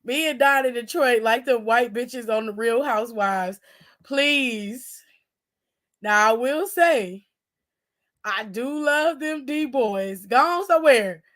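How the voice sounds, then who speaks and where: Animated, profane high-voiced woman from Cleveland. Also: takes it slowly. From Cleveland, Ohio. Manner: animated, profane, laughing, exaggerated outrage. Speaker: wrestling aftershow host. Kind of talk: casual chat.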